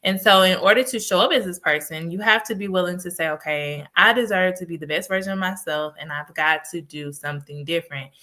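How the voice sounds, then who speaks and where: Casting: woman host, lowish pitch but bright tone, chatty storyteller. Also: brisk, hardly any pauses. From United States. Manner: animated storytelling with laughs. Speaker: podcast host and life coach. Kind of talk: casual solo podcast talk.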